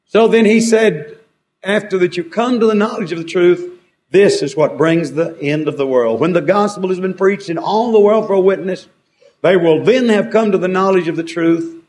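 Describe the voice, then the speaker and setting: A man preaches a sermon, his voice sitting a little higher than most men's. He quotes old scripture and swings his emphasis up and down, pressing hard on key words and then dropping low and quiet. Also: normal speed. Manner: preaching with rising and falling emphasis, quoting scripture.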